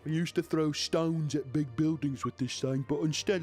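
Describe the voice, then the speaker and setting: A man's voice: on the high side, moderate pace, soft background music. A man reading an article aloud and breaking off into joking commentary. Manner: animated, joking asides, mock voices.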